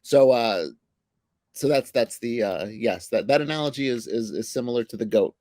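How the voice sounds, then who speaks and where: A man's voice: mid-range voice, normal speed, a little mellow, dry recording. Guy rambling through a casual chat, laughs at his own jokes, dry close mic. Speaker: comic book editor and writer.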